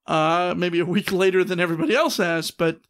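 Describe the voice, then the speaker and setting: A man in his thirties co-hosting a casual podcast, talking quickly and filling pauses with "uh.". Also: sits high, fairly bright tone. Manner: quick, chatty, with many "uh" fillers. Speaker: podcast co-host.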